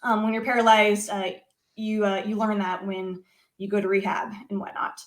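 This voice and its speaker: A woman, a guest on a talk show, telling a personal story in an animated conversational way with many filler words. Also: mid-range voice, normal speed. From United States. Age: adult.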